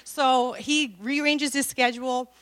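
Animated woman preaching. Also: high voice, unhurried. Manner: animated storytelling, acts out dialogue, laughs often. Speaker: women's speaker. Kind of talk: sermon with personal stories.

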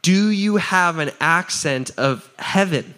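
A man's voice: sits high, slow pace. Upbeat man preaching a sermon. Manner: energetic, asks the crowd for answers; laughs often, repeats "right?". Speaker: pastor.

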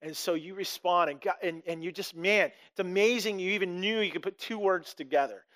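A middle-aged male pastor delivering a sermon in a high, light voice. He talks to the congregation as if chatting, acting out little quotes along the way and restarting his sentences as he goes. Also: fairly quick, a bit bright. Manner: conversational, with frequent restarts and acted-out quotes.

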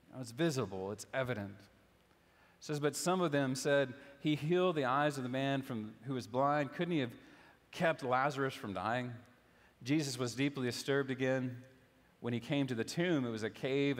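A young man preaching a sermon as a pastor, conversational and gently humorous, with casual fillers. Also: medium pitch. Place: church sanctuary. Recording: long hall reverb.

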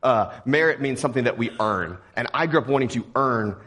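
A young man from Texas preaching a sermon in a relaxed, joking, conversational way. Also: mid-range voice, a little fast, slightly rough. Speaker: pastor.

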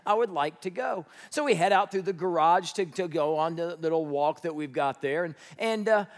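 A middle-aged man preaching a sermon as a pastor, telling a family story in an animated way. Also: fairly high pitch, normal speed. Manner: storytelling, animated, shouts in retellings. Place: church sanctuary. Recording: echoey church hall.

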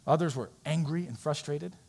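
A man's voice: fairly high pitch, normal speed, vocal fry, a little mellow, breathy edge. A man preaching a sermon as pastor, telling a story in an earnest, conversational way.

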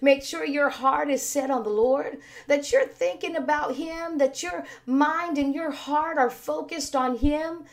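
A woman with a bright, high voice preaches in an earnest, conversational way, taking her time over each thought. Her voice is a little raspy these days. She is leading an online worship service. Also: unhurried, hardly any pauses. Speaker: worship leader. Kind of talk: sermon with worship singing.

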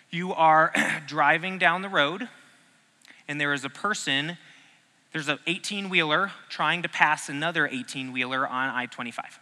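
Bright-voiced joking preacher in a hall. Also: male voice, on the high side, measured pace. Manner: joking, conversational, asks the audience questions. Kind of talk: casual teaching sermon. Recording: long hall reverb.

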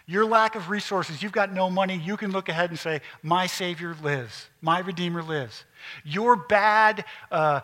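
A man preaching a sermon, earnest and emphatic, rising to loud peaks and dropping to quiet asides. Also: high-pitched. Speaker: pastor.

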